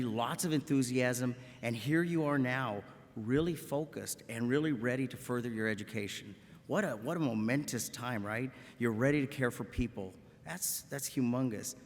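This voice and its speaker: Mid-range in voice, this man in his fifties hails from the Rio Grande Valley and speaks with a South Texas accent. As a medical school professor at a graduation ceremony in a large auditorium, he offers a folksy, joking address, regularly checking in with "okay?". The audio is echoey with long reverb.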